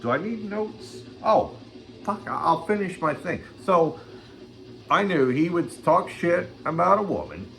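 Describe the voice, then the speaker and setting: A man's voice: on the high side, very animated, unhurried, gravelly, a bit bright. An older man hosting his own channel, ranting crudely and swearing constantly in a rambling vlog. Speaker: channel host. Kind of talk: rambling profane vlog rant.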